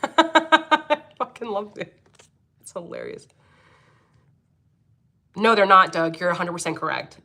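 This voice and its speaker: Hosting a casual livestream, a Philadelphia woman who works as an angel medium reads viewer comments in a blunt, profane way, laughing often, with her local accent clear. Her medium-pitched voice is bright and forceful, very animated yet a little slow, creaky, and full of frequent pauses.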